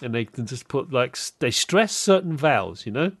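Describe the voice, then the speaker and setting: A man's voice: medium pitch, very animated, moderate pace, a bit bright, no room sound. A man hosting a podcast interview, chatting casually and animatedly, often laughing and acting out quoted voices. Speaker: podcast host.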